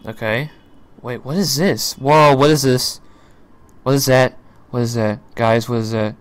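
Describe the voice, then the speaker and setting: A young man reacting live to a game presentation, gasping, shouting and swearing in surprise. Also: medium pitch, unhurried. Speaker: reaction streamer.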